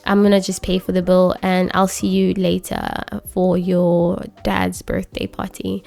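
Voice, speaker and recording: A woman voicing a grieving young man in a life-sim game, speaking his lines in a casual, quick paraphrasing way. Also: on the low side, monotone, vocal fry, a little mellow, soft background music. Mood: earnest.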